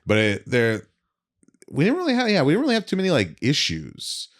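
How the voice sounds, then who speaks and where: A man's voice: on the high side, huge pitch swings, a little fast. A man, a comedian guest on a podcast, telling rambling anecdotes full of restarts and swearing. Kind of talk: casual podcast storytelling.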